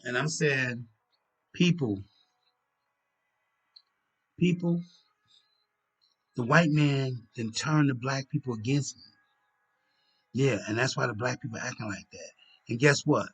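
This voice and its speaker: A man's voice: medium pitch, takes it slowly, long pauses, slightly rough. A tired, yawning man rambling through a casual monologue for his own video, repeating himself and murmuring asides. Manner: repetitive, drifting, with murmured asides. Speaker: vlogger.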